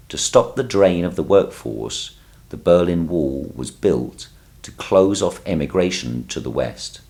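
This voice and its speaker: A man reading formal, measured documentary narration. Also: deep voice, creaky.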